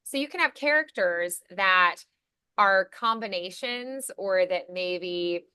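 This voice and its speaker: An American woman who coaches voiceover chats casually, telling stories and acting out the voices of the people she quotes. Her mid-range voice is animated, bright and forceful yet slow-paced, with a clean tone and clean, echo-free studio sound.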